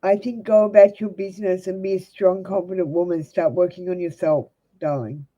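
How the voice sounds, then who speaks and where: Blunt Australian woman tarot reader, mellow tone, dull lo-fi stream sound. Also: on the low side, steady tone, brisk. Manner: blunt, direct, talks straight to viewers. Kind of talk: live-stream tarot reading.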